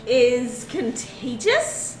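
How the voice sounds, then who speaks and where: A woman's voice: fairly high pitch, very animated, extremely slow. A woman playing in a tabletop game, chatting casually. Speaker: player. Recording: roomy echo with music behind.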